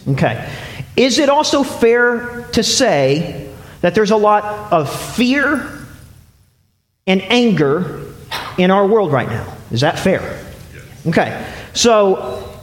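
A young man delivers a sermon in a fairly high voice, telling a personal story and then asking his listeners questions one after another. His voice rings out through a large, echoing hall with a long reverb tail. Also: fairly bright tone. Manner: storytelling, asks the audience questions. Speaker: preacher.

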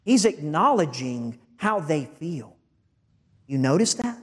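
A man preaching a sermon with a slightly high-pitched voice. He speaks earnestly and with emphasis, often stumbling into repeated words as his points build. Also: big pitch swings, takes it slowly. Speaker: pastor.

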